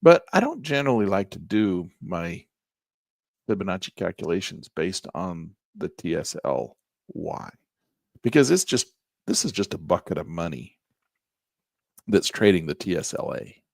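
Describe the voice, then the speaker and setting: A man teaching trading as he walks through a chart, in a folksy, animated way with slangy asides. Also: sits low, measured pace, vocal fry, no echo, studio quality. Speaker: trading instructor. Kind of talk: chart-walkthrough lesson.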